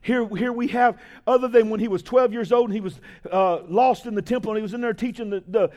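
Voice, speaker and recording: A man preaching a fiery sermon, shouting and drawing out key phrases and calling out to the congregation. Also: high voice, fairly even intonation. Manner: shouting, drawn-out emphatic preaching with call-outs to the congregation.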